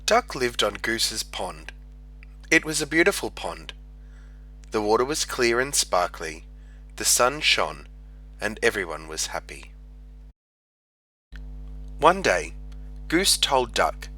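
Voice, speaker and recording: A man reading a children's picture book aloud in an expressive storytelling manner. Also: on the low side, takes it slowly, pauses often. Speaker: storybook reader.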